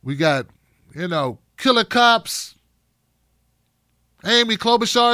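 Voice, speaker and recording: A man's voice: high voice, animated, slow, long pauses, bright, forceful tone, dry recording, clean studio sound. A middle-aged man hosting a live-streamed talk show, reading chat by name and ranting in a blunt, profane way.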